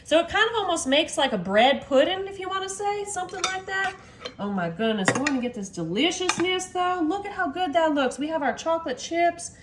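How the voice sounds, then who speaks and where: Excitable high-voiced woman. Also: brisk, noisy background. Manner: excitable, talks to viewers as "y'all". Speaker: home cooking vlogger. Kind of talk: casual cooking demo.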